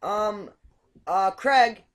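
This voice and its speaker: A woman's voice: mid-range voice, lively intonation, drawn-out words. A woman hosting a casual chat show, curious and asking question after question. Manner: curious, asks many questions. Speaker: host.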